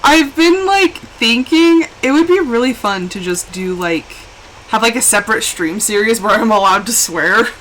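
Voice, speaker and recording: A woman's voice: a little high, normal speed, a little hiss or hum, low-quality recording. A young woman chatting casually and animatedly while live-streaming a game. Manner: chatty and animated, with laughs and exclamations.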